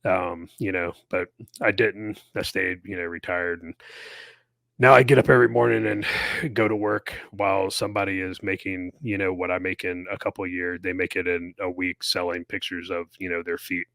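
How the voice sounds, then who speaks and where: A man co-hosts a podcast with a very low voice, talking in a laid-back, easygoing way. He often restarts and repeats words. The sound is close and dry. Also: steady tone, moderate pace, vocal fry, fairly bright tone, dry recording. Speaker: podcast co-host, retired soldier. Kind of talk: casual chat.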